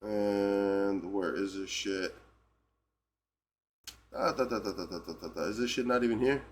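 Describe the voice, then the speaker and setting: An American man with a low voice rants on a live stream without hurrying. He's heated and profane, and he keeps adding "right?" to his points.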